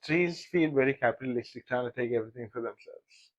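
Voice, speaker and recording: A man's voice: medium pitch, fast, highs cut off. A man co-hosting a podcast, chatting casually and arguing silly points in a playful, joking way. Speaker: podcast co-host. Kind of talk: casual chat.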